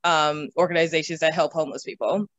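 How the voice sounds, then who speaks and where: A young woman telling stories from her own life in an interview. She is animated, laughs often and swears casually. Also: low-pitched, fast talker, no echo. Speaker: interview guest. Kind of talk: casual storytelling. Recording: slightly dull, dry recording.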